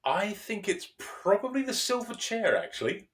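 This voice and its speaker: A man in conversational discussion as a podcast co-host and lecturer, talking in an animated way, chuckling often and restarting his phrases. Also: high-pitched, moderate pace, distant mic.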